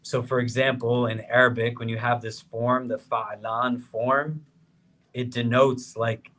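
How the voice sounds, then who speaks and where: A man's voice: mid-range voice, fairly bright tone. A man, an imam, speaks to a crowd sitting on the floor of a prayer hall. He keeps it conversational and turns to the room with frequent questions. When he drives a point home, his voice jumps up sharply. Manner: voice rises sharply on emphatic questions. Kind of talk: religious lecture to a seated audience.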